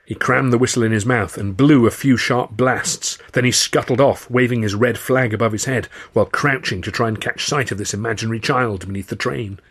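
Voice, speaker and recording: A man, the author, reading his novel aloud in measured, dry first-person narration. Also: medium pitch, steady tone, a bit bright, slightly rough.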